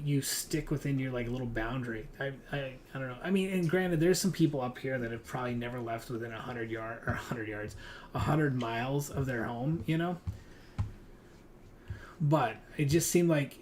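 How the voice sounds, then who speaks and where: A man's voice: medium pitch, slight background noise. A young man chatting casually while streaming a hunting game, rambling and swearing often as he talks to other players and his kid. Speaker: gaming streamer.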